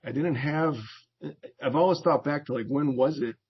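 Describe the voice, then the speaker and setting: A man's voice: fairly high pitch, moderate pace, slightly rough. A middle-aged American man, a veteran and therapist, telling stories from his youth as an interview guest, laughing often and acting out the people he quotes. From United States. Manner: relaxed storyteller who laughs often and acts out quoted voices. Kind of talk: casual storytelling. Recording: dull lo-fi audio.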